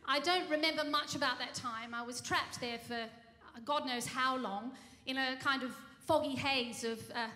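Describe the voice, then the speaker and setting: A woman's voice: sits high, moderate pace, few pauses, sharp tone. A woman cabaret singer telling a rambling, mock-earnest tall tale on stage, full of ums and restarts, live in a music venue. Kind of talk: comic stage monologue. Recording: reverberant live room.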